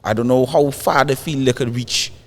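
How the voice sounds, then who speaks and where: A man's voice: mid-range voice, steady tone, normal speed, long reverb tail. A man with a Trinidadian accent talking as a guest musician in a casual chat, emphatic and repeating phrases.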